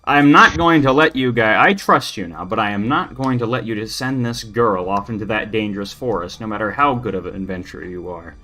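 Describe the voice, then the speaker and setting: A man's voice: on the low side, a little fast, few pauses, over music, close to an everyday voice. A man voicing a wary, stubborn townsman who insists on keeping a girl with her mother, in a firm, insistent manner. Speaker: non-player character.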